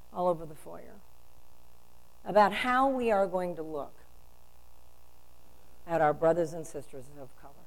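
A woman's voice: fairly low pitch, darkish tone, low-quality recording. An older woman delivering a storytelling sermon, asking rhetorical questions with emphasis.

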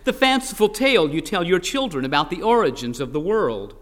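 A man's voice: sits high, big pitch swings, brisk, long reverb tail. A man voicing an eager, nervously polite anthropologist who stammers now and then.

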